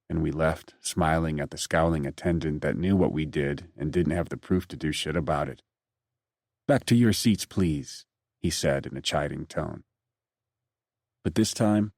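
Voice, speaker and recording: A man giving brooding first-person audiobook narration in a low, quiet delivery. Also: gravelly, no echo, studio quality.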